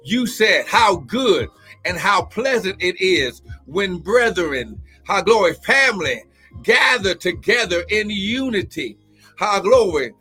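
A high-voiced, bright man preaches on a live stream, shouting and whooping in fervent bursts. His tone is husky, with faint music underneath. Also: big pitch swings, slow. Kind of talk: charismatic live-stream sermon and prayer.

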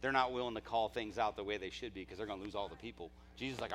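A male pastor preaching at a church service, impassioned, dropping to quiet asides and then rising to near-shouts. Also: lowish voice, very fast. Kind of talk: live sermon.

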